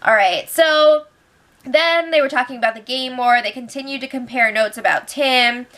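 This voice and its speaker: A young woman with a high voice hosts a casual recap. She talks in a chatty, sarcastic way, laughs often, and slips into quick impressions of the people she describes. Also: a bit bright. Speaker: show recap host.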